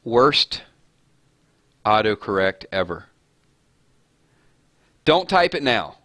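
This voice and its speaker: A man's voice: fairly low pitch, big pitch swings, slow pace, pushed and bright, no room sound. A man hosting a casual live-stream chat, rambling and chuckling as he talks. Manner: rambling, chuckling, self-deprecating. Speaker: host.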